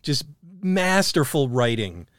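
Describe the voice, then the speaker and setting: A man's voice: medium pitch, very animated, slow pace, a bit bright, clear, resonant tone, no echo, studio quality. A man hosting a podcast in casual chat, rambling enthusiastically with frequent fillers and the odd swear word. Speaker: podcast host.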